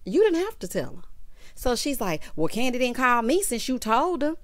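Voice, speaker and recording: A woman in her fifties giving a sassy, animated recap commentary on a reality show. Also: fairly high pitch, no room sound. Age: 50s. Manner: sassy, animated, drawn-out teasing.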